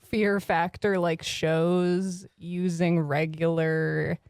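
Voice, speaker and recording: Slow, low-voiced woman chatting. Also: flat delivery, darkish tone, dry recording, clean studio sound. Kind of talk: casual chat.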